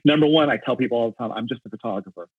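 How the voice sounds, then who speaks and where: A man with a husky, slightly rough voice talks eagerly and at length, stumbling over and restarting his words as he tells a story. The sound is dry and squeezed through a narrow, phone-like band. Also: medium pitch, racing, no room sound. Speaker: concert photographer. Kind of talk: storytelling in an interview.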